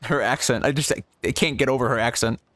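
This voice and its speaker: A man's voice: medium pitch, fast, crowd noise. A man streaming a video game, chatting casually in a rambling way with many fillers and restarts. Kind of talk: casual gameplay commentary.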